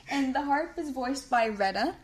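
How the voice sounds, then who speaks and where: A woman's voice: high-pitched, lively intonation, slow. A woman co-hosting a podcast, recapping a cartoon in chatty, giggly casual talk. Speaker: podcast co-host.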